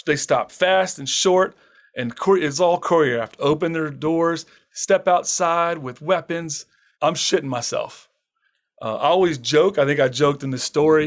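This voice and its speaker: A man's voice: a little high, normal speed. A man telling a dramatic personal story as a podcast guest, acting out the lines of the people in it and laughing often. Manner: lively anecdote teller who acts out quoted lines, laughs often. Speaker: guest, permaculture farmer and author. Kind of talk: animated storytelling in a podcast interview.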